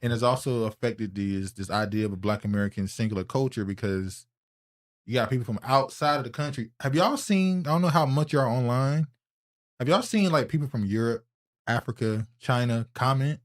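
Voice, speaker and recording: Co-hosting a relaxed podcast conversation, this North Carolina man has a mid-range voice and a softened Southern accent. He rambles, wanders off topic and frequently restarts sentences, purposely speaking slowly for the microphone.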